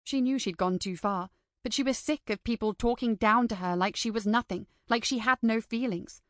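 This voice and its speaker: A woman reading an audiobook in steady scripted narration. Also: fairly high pitch, moderate pace, no echo, studio quality. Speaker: audiobook reader.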